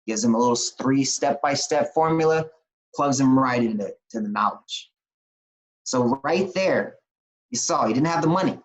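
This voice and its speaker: Interview guest, male, mid pitch. Animated, plain-spoken motivational storyteller. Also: rough recording. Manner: animated, plain-spoken, repeats words in quick restarts. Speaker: interview guest, business coach.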